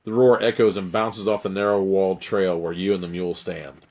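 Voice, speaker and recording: A man running a live-streamed adventure as game master, narrating with lively asides. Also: deep voice, brisk.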